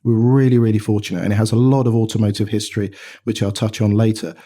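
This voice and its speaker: A middle-aged man from England, a watch company founder, telling an animated anecdote in a casual interview. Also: lowish voice, fast. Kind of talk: conversational storytelling.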